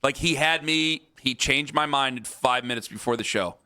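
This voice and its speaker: A man's voice: mid-range voice, moderate pace, pushed and bright, clear, resonant tone. A male sports radio host ranting heatedly, often repeating himself.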